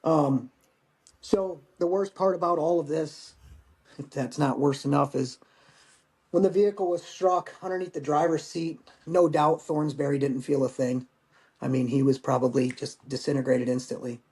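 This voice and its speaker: Man telling a halting war story. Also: on the high side, fairly even intonation, a little mellow. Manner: halting, emotional storytelling with profanity. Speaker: podcast guest, Marine veteran. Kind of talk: personal war story in conversation.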